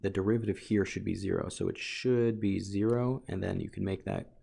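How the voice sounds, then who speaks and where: A man's voice: low voice, fairly even intonation, brisk, vocal fry, warm tone, breathy edge. A man teaching a recorded calculus lesson, talking through a graph as he draws and often correcting himself mid-sentence. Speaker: math teacher.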